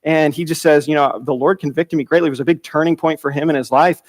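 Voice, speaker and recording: A man with a fairly high voice leads a church Bible class, talking fast with fairly even intonation. His delivery is loose and conversational, with repeated words and restarted phrases, and his pitch jumps when he acts out quoted dialogue.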